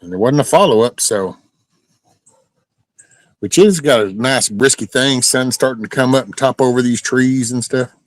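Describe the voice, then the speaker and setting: A man's voice: medium pitch, normal speed, no room sound, poor audio. A man hosting a casual live stream, rambling through stories and chatting with viewers. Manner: rambling storytelling, talks to chat. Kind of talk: casual chat reading viewer comments.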